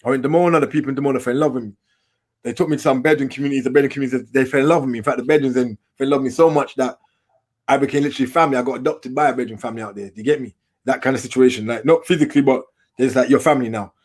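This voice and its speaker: Guy, middle-aged, rattles off stories fast in street slang, voice not high not low. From England. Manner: street slang, animated storyteller. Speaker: documentary filmmaker, guest. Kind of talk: casual storytelling interview.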